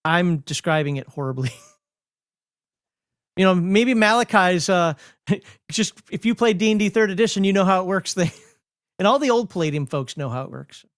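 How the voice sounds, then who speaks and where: A man with a Minnesotan accent talks through game rules on a casual livestream. His voice sits a bit high and sounds dry and close. He rambles, corrects himself mid-thought and laughs often. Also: no room sound. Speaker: host explaining game rules.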